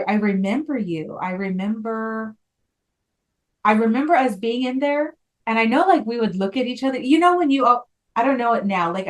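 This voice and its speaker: A woman in her thirties hosting a podcast, chatting casually and reacting eagerly to her guest. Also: medium pitch. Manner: eager, reacts with laughs and asides. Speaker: podcast host. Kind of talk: casual chat.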